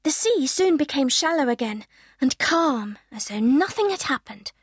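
A woman's voice: high-pitched, sing-song, normal speed, no room sound, clean studio sound. A woman narrating a children's audiobook in the first person, telling it expressively.

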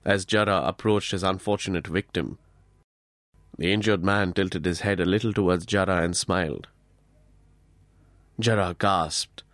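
A man narrates a novel in an audiobook with expressive, dramatic storytelling. His voice is fairly low, and he slows down and speeds up for effect. The studio sound is dry and close, with no room echo. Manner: expressive storytelling, varied pace. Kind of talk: scripted narration.

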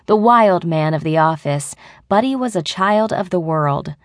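A woman narrating an adult audiobook in the first person with an even storytelling delivery. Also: lowish voice, measured pace, dry recording, clean studio sound.

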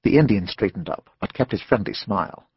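Casting: male audiobook narrator, measured and expressive, slightly husky. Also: fairly low pitch, dry recording, lo-fi sound. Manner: measured storytelling. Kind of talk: scripted narration of a western novel.

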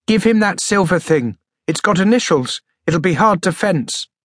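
A man's voice: high-pitched, animated, moderate pace, dry recording, studio quality, voice pushed up. A man voicing a scared, tall and thin teenage boy. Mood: frightened. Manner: plaintive, jabbering.

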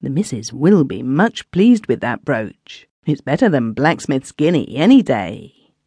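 A woman's voice: rumbling low, big pitch swings, measured pace, dark tone, husky, no room sound, heavily acted. A woman voicing a worried village landlord who talks in homely country speech. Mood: pleased. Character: worried rustic village landlord, plain-spoken man.

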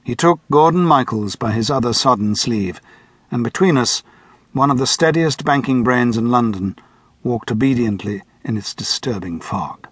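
A man narrating an audiobook in the first person, measured and steady, close to the mic. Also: mid-range voice, breathy edge, no room sound. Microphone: close studio mic.

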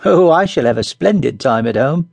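A man's voice: moderate pace, creaky, no echo. Bertie, a man doing a boastful schoolboy. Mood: eager. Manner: excited, high and bright.

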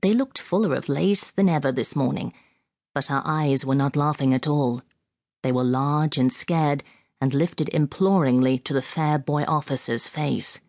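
A woman reading a classic novel as an audiobook narrator in a measured, expressive way, close on a studio mic. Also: low voice, no echo.

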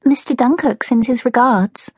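A woman voicing an excitable, dramatic young woman in an audiobook, speaking high and breathless with sighs. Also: normal speed, husky, no echo, clean studio sound. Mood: wistful. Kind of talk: audiobook character voice.

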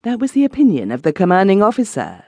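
A woman's voice: mid-range voice, huge pitch swings, fast, dark tone, slightly rough, no echo, pitched above the performer's own voice, heavily acted. A woman voicing a composed woman who speaks in a neutral, guarded tone. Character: composed woman listening from a couch.

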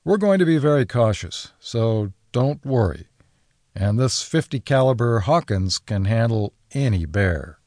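A steady farmer father gives firm orders to his family, as a male narrator plays him. His pitch moves a lot, and the audiobook sound is dry and close. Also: measured pace, no room sound. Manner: firm, commanding. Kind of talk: audiobook character voice.

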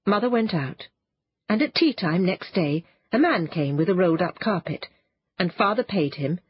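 A woman narrating a children's storybook in an expressive, animated way. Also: lowish voice, moderate pace, slightly rough, dull audio. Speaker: audiobook narrator.

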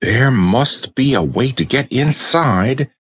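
A man voicing a cheerful, earnest rag doll girl who leads her friends, in a bright, eager storybook voice. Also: mid-range voice, lively intonation, takes it slowly, breathy edge, no room sound, pitched above the performer's own voice. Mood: thoughtful.

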